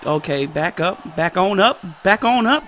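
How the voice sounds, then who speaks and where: Loud excitable man gaming commentary. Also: high voice, a little slow, slight background noise. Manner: loud yelps, shouts and trash talk. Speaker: gaming YouTuber. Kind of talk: excited live gameplay commentary.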